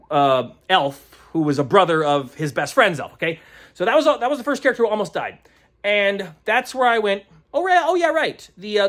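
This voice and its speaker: Rambling game master recapping casually. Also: male voice, high voice, a bit bright. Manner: rambling, searching aloud for words; chuckles often.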